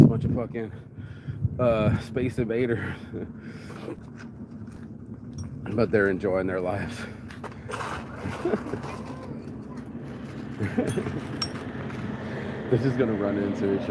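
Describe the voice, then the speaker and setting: A man's voice: on the low side, measured pace, long pauses. Man, casual outdoor vlog, rambling and swearing, street noise behind. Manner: rambling, profane, uses "bro" often. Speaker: vlogger. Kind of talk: casual monologue to camera. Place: outdoors in public.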